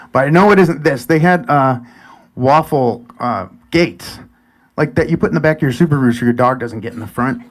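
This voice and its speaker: A man in his forties telling a personal story live, chatty and animated, sometimes dropping to a near whisper. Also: mid-range voice. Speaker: storyteller and event host.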